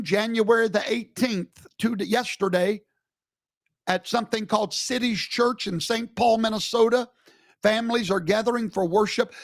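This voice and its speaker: Gravelly, emphatic preacher-style man. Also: high-pitched, no room sound, clean studio sound. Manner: emphatic, preacherly, scolding rhetorical questions. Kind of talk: live streamed preaching commentary.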